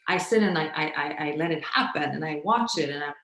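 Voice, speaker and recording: A woman's voice: low voice, lively intonation, fairly quick, a bit bright, reverberant. A woman guest in a casual conversation who often searches for words, with many fillers and restarts.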